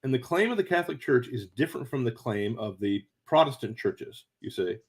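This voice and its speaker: A man talking as an interview guest, telling stories with stammered restarts and quick chuckles, jumping up into a high excited voice when acting out what people said. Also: breathy edge. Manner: animated, jumps to high excited pitch acting out quoted voices. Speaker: guest author. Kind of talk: conversational interview storytelling.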